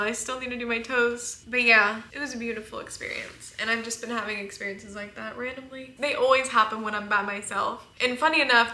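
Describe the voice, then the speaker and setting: Young woman vlogger, bright chatty voice, a bit high, echoey room at home. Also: slight background noise. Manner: chatty, heartfelt, many "like"s. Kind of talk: casual chat to camera.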